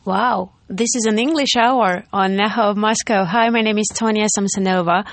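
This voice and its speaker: A woman radio host with a Russian accent, interviewing in English with halting restarts and easy laughs. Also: mid-range voice, steady tone, no echo. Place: radio studio. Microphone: studio microphone.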